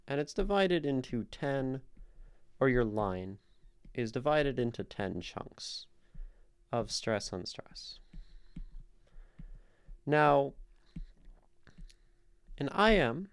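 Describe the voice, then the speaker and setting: A man's voice: medium pitch, clean tone. A man hosting a live stream, casually explaining poetry, thinking aloud and answering questions from chat. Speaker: streamer host critiquing poetry.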